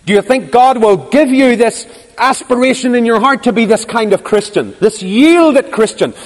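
A man's voice: extremely high pitch, lively intonation, normal speed, big-room sound. A man preaching an impassioned sermon, full of rhetorical questions and repeated phrases.

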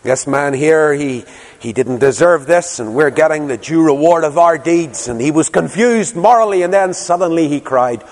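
A man's voice: a little high, normal speed, darkish tone, big-room sound. A man preaching a fervent sermon as a pastor in a church, pleading with his listeners. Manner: fervent, rising to impassioned pleading.

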